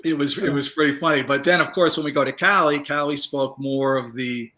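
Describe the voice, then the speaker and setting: A man, a former federal agent, telling stories in a casual interview, relaxed and rambling with many fillers. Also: on the high side, a little fast.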